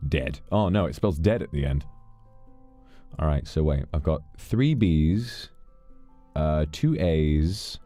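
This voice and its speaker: A man's voice: very deep voice, lively intonation, takes it slowly, long pauses, mellow, dry recording, soft background music. A British man chatting casually on a stream, rambling and swearing freely as he tells stories.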